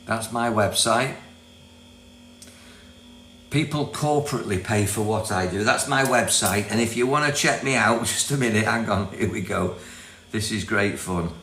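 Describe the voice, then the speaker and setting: Older man from Britain, low voice, casual rambling livestream talk, echoey room with faint hum. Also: moderate pace, a bit bright. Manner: chatty, rambling, reads comments aloud, laughs often. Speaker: livestream host, self-help coach. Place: property in Thailand.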